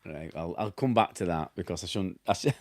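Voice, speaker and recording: A deep-voiced middle-aged man with a broad Yorkshire accent chats casually to his viewers. He rambles, chuckles at himself and loses his thread now and then. The sound is dry and close, with no room around it. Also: brisk, darkish tone, dry recording. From Yorkshire, England. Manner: rambling, chatty, laughs at himself, loses his train of thought. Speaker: damp specialist and former plasterer answering viewer questions. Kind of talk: casual chat.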